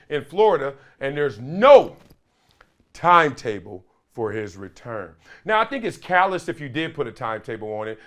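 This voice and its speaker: A middle-aged man hosting his own show, giving earnest, casual commentary that swings from loud emphasis to quiet reflection. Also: a little high. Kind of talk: casual solo commentary to camera.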